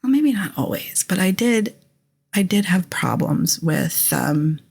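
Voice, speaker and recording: Raspy, gravelly-voiced woman podcaster. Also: lowish voice, sing-song, a little slow, darkish tone. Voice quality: raspy, phlegmy voice with a lingering cough. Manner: candid and rambling, with frequent ums, restarts and swearing. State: hoarse throat. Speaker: podcast host. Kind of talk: casual solo podcast talk.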